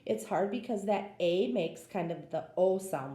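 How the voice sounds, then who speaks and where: A woman's voice: medium pitch, animated, unhurried, warm tone, reverberant. A woman teaching a phonics lesson, patiently sounding out words for young learners.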